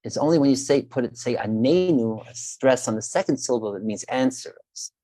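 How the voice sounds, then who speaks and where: A man teaching an online Torah class who weaves Hebrew terms into his talk, halting often and repeating his words as he searches for a phrase. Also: mid-range voice, dark tone, no room sound.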